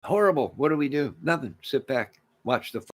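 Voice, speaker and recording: A man hosting his own channel, delivering a rambling rant to camera, emphatic and repetitive, swinging between loud declarations and muttered asides. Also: medium pitch, animated, fairly quick. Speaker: channel host.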